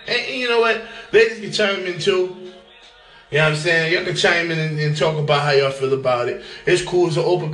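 A young man hosting a casual solo podcast, talking in a profane, animated way and laughing often. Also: a little high, reverberant. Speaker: podcast host.

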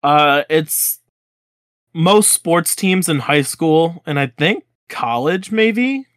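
Speaking slowly in a voice on the high side, this podcast co-host, a man in his twenties, shares a school story over casual conversation. He's an animated storyteller who performs the dialogue himself. The audio is studio quality with no echo.

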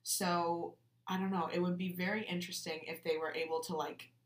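A woman co-hosting a casual true-crime podcast, thinking out loud with many fillers, recorded in a bathroom. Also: lowish voice, little pitch movement, fairly quick. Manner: musing, lots of "like" fillers. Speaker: podcast co-host. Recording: echoey bathroom.

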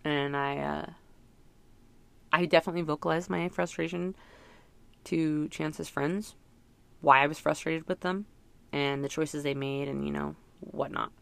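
A middle-aged woman, a parent, shares her reflections in a casual, rambling monologue full of fillers. Her deep, smooth, creaky voice stays steady and unhurried, with long pauses, in a dry recording.

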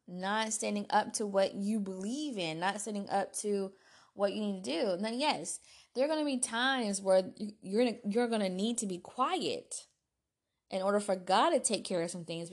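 A woman hosting her own solo podcast, talking in a chatty, self-deprecating way with restarts. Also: medium pitch. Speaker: podcast host. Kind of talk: casual solo podcast talk.

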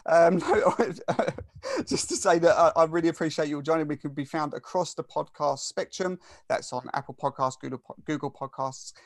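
Man, Essex English accent, chatty podcast host, fairly high voice, dry sound. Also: animated, normal speed, gravelly, no echo. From England. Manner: chatty, friendly, self-deprecating. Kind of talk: casual sports podcast chat.

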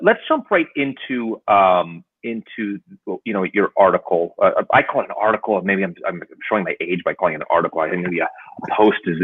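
Host, male, low husky voice, halting delivery, tinny dry phone-line sound. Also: dry recording. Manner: hesitant, many fillers and restarts. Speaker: podcast host, contact center manager. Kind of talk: conversational interview hosting.

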